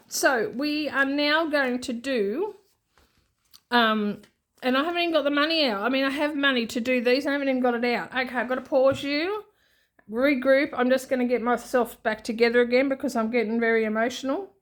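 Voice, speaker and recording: A woman's voice: sits high, a little fast. An Australian woman talking in a rambling, chatty way with many asides, in an unscripted casual vlog. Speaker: budgeting vlogger.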